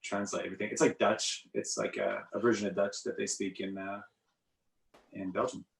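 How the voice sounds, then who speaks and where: A podcast guest from the south of France chats easily and meanders, filling his talk with many uhs. His lowish voice is fairly quick, with vocal fry and little pitch movement, and the remote call audio sounds roomy and distant from his home room by the sea in England.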